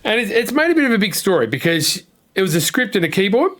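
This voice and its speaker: Guy ranting casually about gaming, kinda high voice, blunt, rambly, swears a bit. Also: sing-song, fast talker, fairly bright tone. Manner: rambling, opinionated storytelling; blunt, drops the odd swear. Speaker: gaming content creator.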